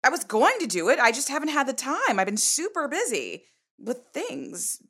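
A woman's voice: high voice, wildly swooping pitch, normal speed, bright, forceful tone, husky, heavily acted. An actress playing a flustered young woman who runs her own website, in an audio drama, reacting with exasperated exclamations.

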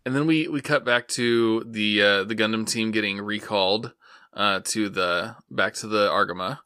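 Low-voiced man with a sharp, dry sound. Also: normal speed, smooth, dry recording. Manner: steady plot summary with frequent "uh" fillers. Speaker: podcast co-host recapping an anime episode. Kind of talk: casual chat.

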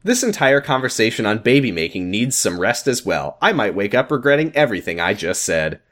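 A man's voice: fairly low pitch, very animated, a bit bright. A man co-hosting a comedy podcast, reading story passages and listener comments with a playful tone. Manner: playful, reading comments aloud, quick laughs. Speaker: podcast co-host.

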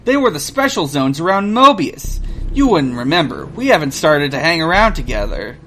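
A man voicing a brash young male hedgehog hero in a cocky, excitable way. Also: on the high side, moderate pace, slight background noise. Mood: explaining.

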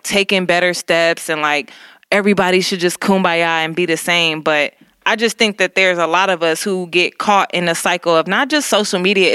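A woman's voice: fairly low pitch, pushed and bright, clear, resonant tone, no echo, clean studio sound. A woman co-hosting a casual talk, rambling with many "like"s and frequent laughter. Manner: rambling, heavy use of "like", laughs often. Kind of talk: casual conversation.

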